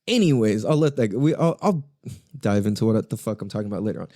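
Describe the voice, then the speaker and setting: A man's voice: lowish voice, expressive, fast talker, dark tone, dry recording, clean studio sound. A man hosting a podcast on his own, rambling in a casual, profane way, with frequent laughs. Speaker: podcast host. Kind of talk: casual solo podcast monologue.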